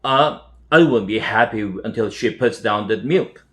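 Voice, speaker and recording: A man putting on a sulky house cat from a storybook. It mutters low and slow, grumbling to itself. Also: a bit bright, close to an everyday voice.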